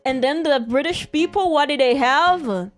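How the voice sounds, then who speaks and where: A woman's voice: sits high, normal speed. A woman streaming, chatting and rambling through a story in English, laughing often. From Brazil. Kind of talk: casual rambling stream chat.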